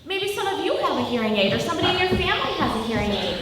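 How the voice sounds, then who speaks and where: In a school hall, a woman in her thirties, a mother, tells stories to schoolchildren and keeps quizzing them with questions. She talks very fast in a high, sing-song voice. It's captured from far off in the echoey hall with faint noise.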